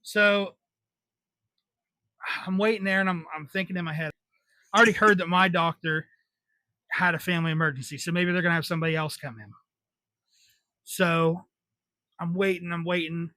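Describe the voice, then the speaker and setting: A man's voice: high voice, steady tone, normal speed, pauses often, bright, forceful tone, no echo. A man in his twenties telling a story on a podcast in a casual, blunt, wry way, swearing freely. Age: 20s. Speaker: podcast host.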